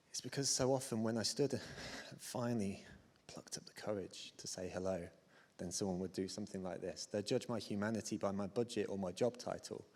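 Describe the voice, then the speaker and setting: A man's voice: fairly low pitch, a little mellow. British guy in his 30s doing a keynote, chatty, bit self-deprecating, lots of ums, big hall echo. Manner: self-deprecating, chatty, many fillers and restarts. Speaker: conference speaker. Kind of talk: conference keynote talk. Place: large conference hall on stage. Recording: hall reverb from a stage mic.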